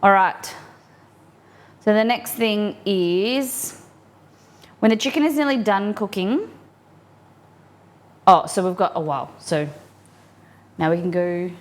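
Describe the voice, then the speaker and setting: A woman's voice: mid-range voice, slow, long pauses. Chatty woman cooking on stream. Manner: chatty, upbeat, reacts to chat while cooking. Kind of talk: live cooking stream chat. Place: home kitchen.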